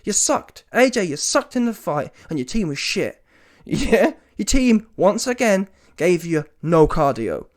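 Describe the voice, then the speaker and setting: A man's voice: sits high, unhurried, hardly any pauses. A man giving a ranting reaction commentary on a boxing match, casual and slangy, emphatic and often mocking. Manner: animated, emphatic, rises to mocking shouts; casual street slang, swears.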